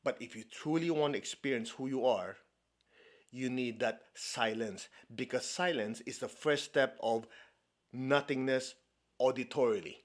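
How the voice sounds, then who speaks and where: Here a meditation teacher from China delivers a spiritual talk at a measured pace, his voice sitting in the mid-range. His style is chatty and playful, and he keeps checking in with the people listening, laughing often and tossing off playful asides.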